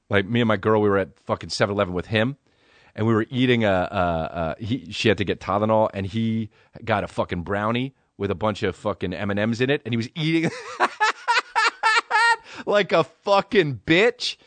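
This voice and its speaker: A young man hosts his own podcast. He rambles through a comedic story, swearing freely, in an easy, laid-back voice at a middle pitch. The sound is dry and close, with no room echo. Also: a bit bright. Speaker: podcast host.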